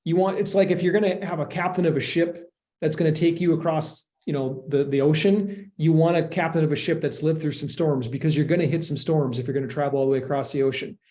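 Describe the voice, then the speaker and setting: Higher-pitched man, earnest investor guest. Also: fairly even intonation, fast, darkish tone. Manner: earnest, explanatory, frequent restarts. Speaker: real estate investment sponsor, guest. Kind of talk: podcast interview answers.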